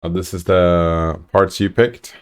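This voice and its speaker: A man's voice: sits low, fairly even intonation, takes it slowly, clear, resonant tone. A man streaming a game, chatting casually and reading out viewer messages in a laid-back way. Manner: laid-back, chatty, reads chat aloud. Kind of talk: casual gameplay commentary.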